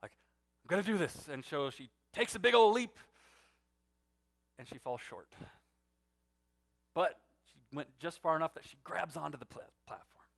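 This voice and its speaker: Male pastor, 30s, sermon storytelling; lively pitch, emphatic then hushed. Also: normal speed, gravelly, long pauses. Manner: storytelling, swings from loud emphatic to hushed and soft.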